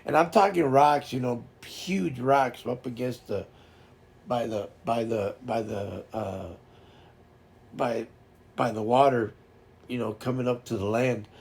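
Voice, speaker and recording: Gravelly man spinning rambling stories. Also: medium pitch, steady tone, a little slow, darkish tone. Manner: rambling, with repeated restarts; laughs while telling fishing stories. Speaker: streamer host. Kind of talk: casual storytelling chat.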